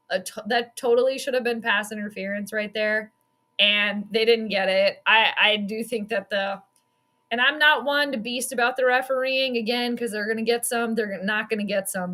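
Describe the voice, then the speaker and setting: A woman's voice: fairly high pitch, sharp tone. A young woman giving casual live-stream commentary on a game as a frustrated fan, blunt and swearing freely.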